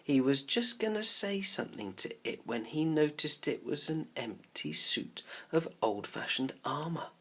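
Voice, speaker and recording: A male teacher reads a children's novel aloud to his class. His delivery is expressive and storybook-like. At tense parts he drops his voice to a near whisper. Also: a little high, unhurried, hardly any pauses, breathy edge.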